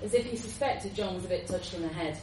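A woman giving a lively, expressive live reading of a short story. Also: mid-range voice, quick pace, noisy background. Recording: roomy, distant live recording.

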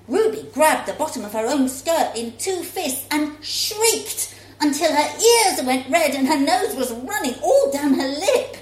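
A woman reading a story aloud in a child's first-person voice, expressive and lively. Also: high voice, a little slow. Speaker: story reader. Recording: roomy echo, faint room ambience.

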